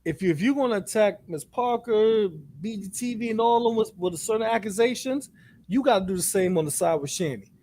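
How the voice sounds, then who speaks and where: A man in casual chat, animated and profane, acting out other people's lines as he talks. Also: high-pitched, brisk. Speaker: co-host.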